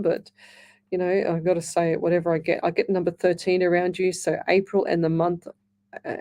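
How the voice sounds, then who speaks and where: Chatty woman, mellow voice. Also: fairly low pitch. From Australia. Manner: chatty, reassuring, calls listeners lovey; reads listener comments aloud. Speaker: psychic medium radio host. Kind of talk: live call-in readings.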